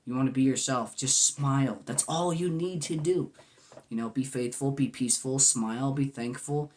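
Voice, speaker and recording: A man's voice: mid-range voice, darkish tone. A man in his twenties talking to camera in a goofy yet earnest, rambling way, full of "man" and "you know". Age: 20s. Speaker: vlogger. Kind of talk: casual heartfelt monologue.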